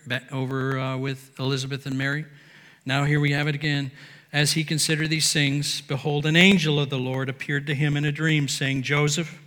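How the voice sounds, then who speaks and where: A man preaching a sermon from a podium, emphatic, swinging between near-shouts and low, quiet lines. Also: in a large hall. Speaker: pastor. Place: church sanctuary.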